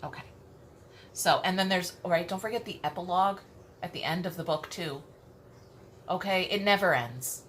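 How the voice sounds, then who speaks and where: A woman's voice: on the low side, moderate pace, pauses often, a bit bright, slight background noise. A woman tarot reader giving a spiritual teaching talk, emphatic and repetitive, checking in with "okay?" and swearing casually.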